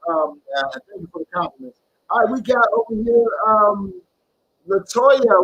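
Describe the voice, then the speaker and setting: A man with a high, husky voice that has a gravelly edge, doing a live-streamed tarot reading. His pitch swings widely as he greets viewers, calls them baby and urges them on in loose slang. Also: expressive, a little slow, a bit bright, lo-fi sound. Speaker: tarot reader.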